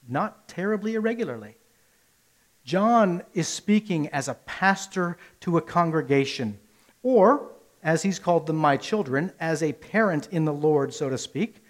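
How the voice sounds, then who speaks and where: A man preaching a sermon with earnest, emphatic delivery, using rhetorical questions and repetition, rising to loud peaks and dropping soft. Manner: earnest, rises to emphatic peaks then drops low. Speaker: pastor.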